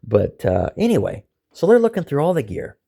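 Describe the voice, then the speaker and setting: Casting: gravelly, raspy man, lively pitch, loose conversational storyteller. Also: moderate pace. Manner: animated, acts out quoted voices, chuckles. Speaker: storyteller recounting an arrest. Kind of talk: casual storytelling monologue.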